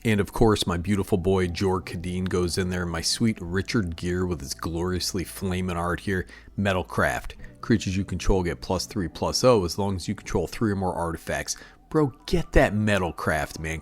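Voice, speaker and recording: A middle-aged man hosting his channel, talking casually and jokingly about card game picks, calling listeners dude and bro. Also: sits low. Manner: laid-back, jokey, calls listeners dude and bro. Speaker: channel host.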